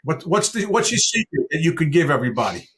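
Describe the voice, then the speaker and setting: A man hosting a podcast, telling stories in a lively casual way and asking questions. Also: fairly high pitch, quick pace. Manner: animated storyteller with chuckles and asides. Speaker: podcast host. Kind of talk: casual chat.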